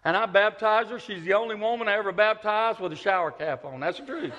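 Man, preacher, fairly high voice, animated storytelling, long church echo. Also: fast talker, highs cut off. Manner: animated storytelling, swings from loud to hushed. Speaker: pastor, visiting preacher. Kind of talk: sermon. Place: church sanctuary. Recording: echoey church hall.

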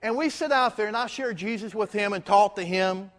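A male pastor tells a story from the pulpit, and his voice sits fairly high. He delivers it with lively energy and slips into the dialogue as he goes. His voice carries a long reverb through a large church sanctuary. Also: brisk. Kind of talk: storytelling sermon.

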